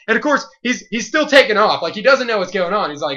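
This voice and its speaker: A man who works as a convenience store clerk, telling a story in an animated, rambling rant full of "like" and "you know". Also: high-pitched, fast talker, muffled recording.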